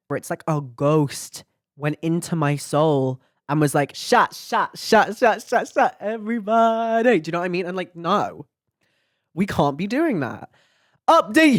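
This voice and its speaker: A woman's voice: sits low, no echo, clean studio sound. A young woman hosting a podcast, talking in a blunt, chatty way with lots of filler words and swearing. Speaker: podcast host. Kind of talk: casual chat to camera.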